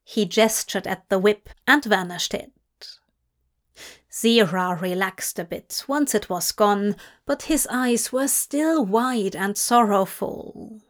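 A woman narrating fan fiction as an audiobook reading, measured and deliberate. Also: medium pitch.

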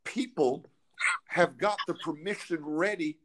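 This faith-talk host is a man whose voice runs a little high with a fairly bright tone. Speaking casually but with fervor and emphasis, he stumbles along, repeating words as he hunts for the next thought.

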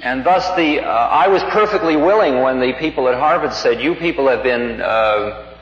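A man giving a spiritual talk, telling a personal story in an unhurried, reflective way and livening up the quoted lines. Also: mid-range voice, a bit bright. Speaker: spiritual teacher. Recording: dull lo-fi recording in a reverberant hall.

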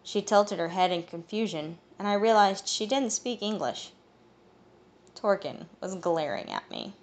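A woman reading a fantasy audiobook in first-person narration, steady and even. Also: mid-range voice, unhurried.

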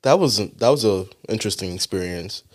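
A man's voice: lowish voice, lively intonation, a little fast. A young man co-hosting a podcast, chatting in an easygoing, agreeable way and laughing often. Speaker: podcast co-host. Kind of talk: casual chat.

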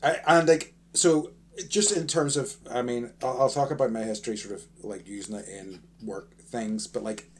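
A man's voice: medium pitch, fairly even intonation, normal speed, slight background noise. A man co-hosting a casual podcast chat, rambling and self-correcting as he talks, often breaking into laughter. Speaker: podcast co-host.

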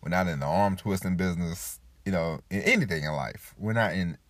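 Low voiced guy rambling on about not begging for sales, lots of you know, dead dry room. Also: animated, fairly quick, a bit bright, no room sound. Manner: rambling, repeats 'you know', acts out quoted voices. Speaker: podcast host. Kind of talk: casual motivational talk.

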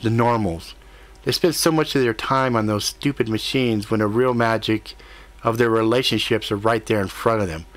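A man's voice: fairly low pitch, moderate pace, a bit bright, natural voice. A man voicing a snarky female cat spirit in human form who talks bluntly and grumbles a lot. The voice is an audiobook character reading. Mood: grumbling. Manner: blunt, grumpy, food-loving.

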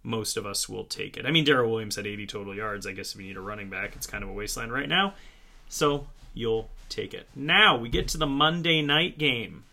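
A man's voice: lowish voice, a little fast, creaky, sharp tone. A man hosting a solo fantasy football recap in a casual way, with wry, sarcastic asides. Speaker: fantasy football podcast host.

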